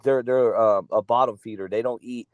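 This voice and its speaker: A South Florida man with an accent that sits between East Coast and Southern, talking in a loose, profane ramble. His middle-pitched voice is dry and close, with no room sound around it. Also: fairly even intonation, moderate pace, dry recording. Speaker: podcast co-host. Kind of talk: casual livestream chat.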